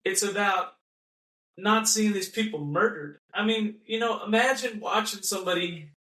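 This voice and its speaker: A man's voice: high voice, normal speed, sharp tone. A man hosting a podcast in an impassioned, mocking monologue, repeating himself and acting out the voices of people he quotes. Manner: ranting, repetitive, mocking, acts out quoted voices. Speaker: podcast host. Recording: echoey room, voice from a distance.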